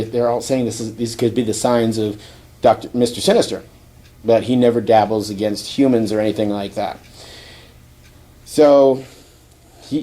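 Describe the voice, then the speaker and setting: A man hosting a podcast, loosely recapping a comic book plot with many fillers, chuckling and slipping into quick character voices. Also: mid-range voice, mellow. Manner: rambling, acts out quotes, chuckles often. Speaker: podcast host. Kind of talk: casual comic book review chat.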